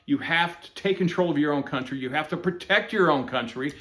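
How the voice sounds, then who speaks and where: A man's voice: on the high side, fairly quick, hardly any pauses, bright, forceful tone. A man from the United States giving an emphatic, indignant opinion monologue as host of his own channel.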